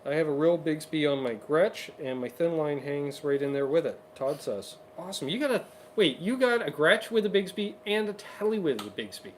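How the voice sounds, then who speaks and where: A man's voice: a little high, lively intonation, slight background noise. A man co-hosting a casual guitar livestream, chatting upbeat and reading viewer comments aloud. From Canada. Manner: chatty, upbeat, quick asides. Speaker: co-host of a livestream guitar show.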